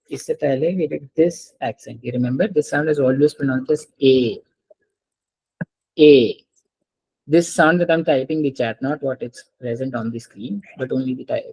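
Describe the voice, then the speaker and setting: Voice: medium pitch, mellow, breathy edge, rough recording. Patient teacher. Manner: patient, repeats words slowly and calls on students. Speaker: French teacher. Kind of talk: online class lecture.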